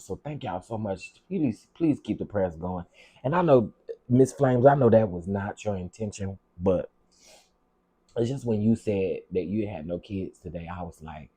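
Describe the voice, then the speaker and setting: Low mellow guy on a livestream, talkin to chat, repeats stuff, gets kinda teary. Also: animated, a little slow, breathy edge. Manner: chatty, greets viewers by name, repeats himself; heartfelt, on the edge of tears at times. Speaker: livestream host reading viewer comments.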